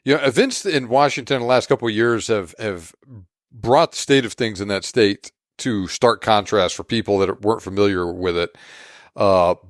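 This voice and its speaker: A man's voice: lowish voice, normal speed, no echo, clean studio sound. A man hosting a podcast in a casual, laid-back chat, laughing often. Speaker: podcast host.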